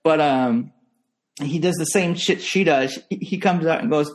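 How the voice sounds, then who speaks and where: A young man from Northern California with an American accent, telling stories in a casual chat and jumping into high voices for other people. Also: measured pace.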